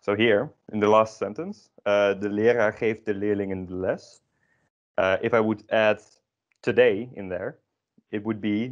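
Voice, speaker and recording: A man's voice: lowish voice, steady tone, unhurried, muffled recording. A man teaching an online grammar lesson, explaining patiently with many ums and restarts. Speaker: Dutch language teacher.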